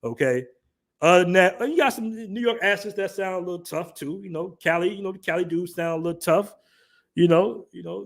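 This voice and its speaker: A man in his forties hosting a livestream, talking casually in slang and joking with his chat. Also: fairly high pitch. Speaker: livestream host.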